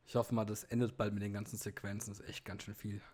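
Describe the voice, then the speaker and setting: A man's voice: lowish voice, level tone, quick pace, darkish tone, a little hiss or hum. A man casually commenting on a video game, muttering and getting frustrated. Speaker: let's player. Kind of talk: gameplay commentary.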